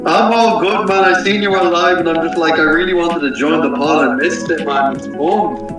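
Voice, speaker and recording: A man with a slightly high voice talks loosely and jokingly as a guest on a casual gaming podcast. He sounds far from the mic in a roomy space, with music playing behind him. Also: normal speed.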